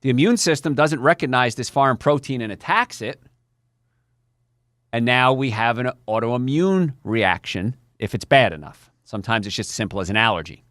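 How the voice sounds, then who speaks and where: An older man, a doctor hosting a health talk show, speaking in an animated, chatty way straight to his listeners. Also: medium pitch, moderate pace, no room sound, studio quality. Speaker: doctor and podcast host.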